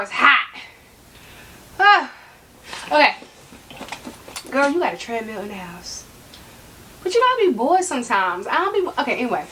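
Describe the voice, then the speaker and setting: High-pitched woman vlogging at home, sassy and funny, talking right at her viewers. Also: pushed and bright. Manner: sassy, joking, talks straight to viewers. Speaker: handbag collection vlogger. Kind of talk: casual talk to camera. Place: room at home.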